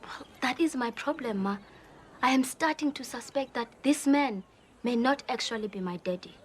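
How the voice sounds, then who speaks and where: A woman's voice: fairly high pitch, normal speed, slight background noise, natural voice. A woman playing an earnest, polite young client. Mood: troubled.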